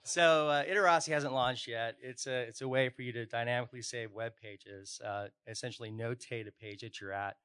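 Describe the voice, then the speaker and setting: A man's voice: mid-range voice, fairly even intonation, brisk, hardly any pauses, fairly bright tone, clear, resonant tone. A man in the audience asking the panel a question, hesitant and full of fillers.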